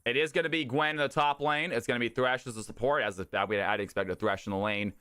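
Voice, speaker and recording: A man's voice: medium pitch, quick pace, clean tone. A man hosting a live stream, commentating games and talking directly to his chat with lots of hype. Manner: energetic, hyped, talks straight to chat. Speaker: streamer hosting community game nights.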